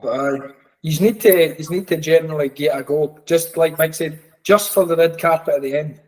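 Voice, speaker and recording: A Scottish man co-hosting a running podcast, excitable and repeating his points. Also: fairly high pitch, moderate pace, poor audio. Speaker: podcast co-host. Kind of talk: casual chat.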